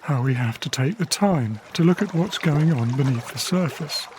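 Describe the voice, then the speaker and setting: Quiet reflective male documentary narrator. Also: on the high side, lively intonation, moderate pace, background noise. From England. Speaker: wildlife cameraman narrating. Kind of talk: scripted diary narration. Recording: faint river ambience behind.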